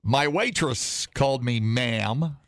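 A hoarse man hosting a casual talk show, joking and reading an article aloud, often slipping into mock voices. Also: medium pitch, slow pace, fairly bright tone, no room sound, studio quality. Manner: jokey, slips into mock voices and impressions. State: hoarse, losing his voice.

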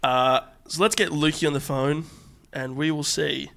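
A man co-hosting a comedy podcast with a slightly high voice. He talks in a loose, jokey way and breaks into loud laughs and shouts easily. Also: steady tone, normal speed, vocal fry. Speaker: podcast co-host. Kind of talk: casual comedy podcast chat.

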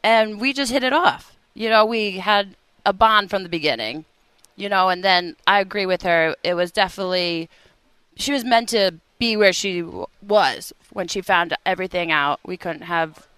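Female guest, bright smooth voice, lively and chatty. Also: medium pitch, normal speed, no echo. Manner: lively, giggly storyteller. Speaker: nurse, guest. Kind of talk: casual interview chat.

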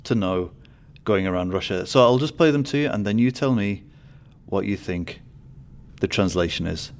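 A man's voice: fairly low pitch, moderate pace. A man hosting a sports podcast, leading a casual chat in a playful, teasing way. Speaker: podcast host.

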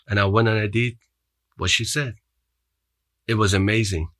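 Accented male guest, earnest motivational storyteller, low and forceful. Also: fairly even intonation, moderate pace, no echo. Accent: foreign accent. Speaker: podcast guest. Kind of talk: storytelling in an interview.

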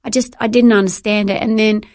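A woman's voice: mid-range voice, fairly even intonation, fairly quick, a little mellow, dry recording, studio quality. A middle-aged Australian woman sharing her personal faith testimony as an interview guest, earnest and emotional, often restarting her words.

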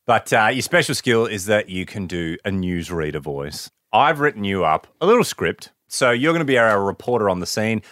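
A man's voice: fairly low pitch, expressive, normal speed, hardly any pauses, a bit bright, no echo, clean studio sound. A man, co-hosting a podcast and teasing his friends in casual banter. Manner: teasing, laughs often. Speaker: podcast co-host.

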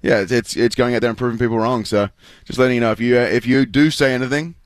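A man's voice: mid-range voice, steady tone, quick pace, dry recording. A man with an Australian accent, chatting as a guest in a casual interview, rambling with fillers and restarts. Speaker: guest athlete.

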